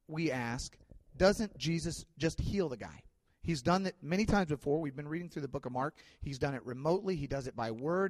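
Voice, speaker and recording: Speaking a little high, this male pastor preaches through stories in a chatty style sprinkled with fillers. He shifts back and forth between loud and soft, echoed by a long hall reverb.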